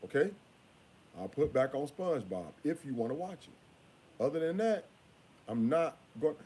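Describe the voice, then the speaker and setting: Scolding, repetitive dad talking casually. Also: male voice, a little high, big pitch swings, moderate pace, pauses often, mellow, husky. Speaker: father. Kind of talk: casual vlog talk.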